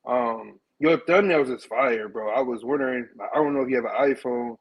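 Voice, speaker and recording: Man, caller, husky, rambling slangy talk, muffled lo-fi line. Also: medium pitch, moderate pace. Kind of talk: casual call-in chat.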